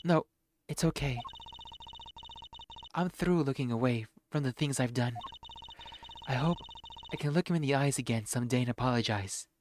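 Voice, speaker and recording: A man reading the lines of a shy, gentle young woman artist, soft and hesitant. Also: mid-range voice, moderate pace, long pauses, a little hiss or hum, lightly acted. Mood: apologetic. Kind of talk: reading game dialogue aloud.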